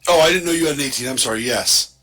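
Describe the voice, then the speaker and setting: A man narrating as game master of a tabletop game, relaxed and using filler words. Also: medium pitch, racing, poor audio.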